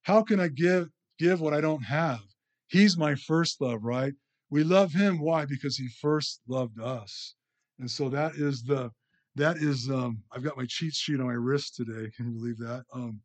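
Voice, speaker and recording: A man preaching a conversational sermon, often checking in with the listeners with "you know" and "right?". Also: on the high side.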